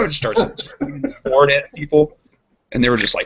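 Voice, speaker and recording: A husky-voiced man on a casual podcast, rambling through an anecdote with plenty of energy and laughter. The audio is dull and lo-fi. His pitch sits right in the middle for a man. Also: fairly quick. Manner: rambling, animated, laughing while telling a story. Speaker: podcast co-host. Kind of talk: casual chat, storytelling.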